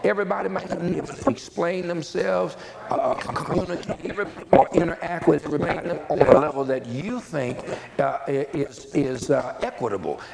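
A man delivers a sermon, pastor-style, talking to his listeners like family and repeating himself as he builds a point. His voice sits a little high with a gravelly fry running through it. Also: darkish tone, low-quality recording. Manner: conversational preaching with repetitions and asides.

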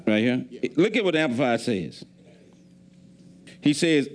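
A man pastor, preaching a sermon with an emphatic, repetitive cadence that slows on key phrases. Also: on the high side, sing-song, fairly bright tone.

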